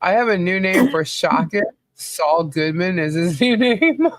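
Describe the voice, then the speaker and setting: A woman's voice: fairly low pitch, animated, a little slow, few pauses, no room sound. A woman co-hosting a casual livestream podcast, chatty, laughing often and greeting viewers by name. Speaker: podcast co-host.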